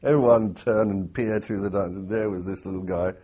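Deep-voiced older man telling war stories. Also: fairly even intonation, brisk, slightly rough, highs cut off. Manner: anecdotal, rambling with restarts and fillers. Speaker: interviewee recalling war reporting. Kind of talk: storytelling in an interview.

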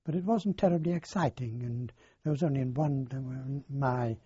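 An older man, recounting his past in a halting, rambling way in an oral history interview. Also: medium pitch, mellow, husky, no echo. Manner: halting, rambling storyteller with many fillers. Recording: dull lo-fi dry recording.

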